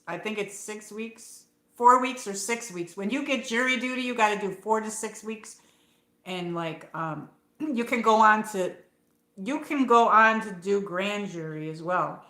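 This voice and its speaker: A woman's voice: mid-range voice, unhurried, a bit bright, roomy sound. A woman from upstate New York with her regional accent, hosting a late-night livestream and telling a rambling story full of fillers and the odd swear word. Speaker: livestream host. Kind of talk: casual chat. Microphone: phone.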